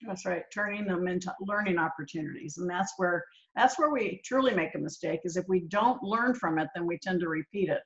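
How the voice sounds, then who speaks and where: A woman's voice: fairly low pitch, brisk, hardly any pauses, lo-fi sound. A woman hosting a podcast interview, agreeing and building to emphatic points. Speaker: podcast host. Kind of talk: casual interview chat.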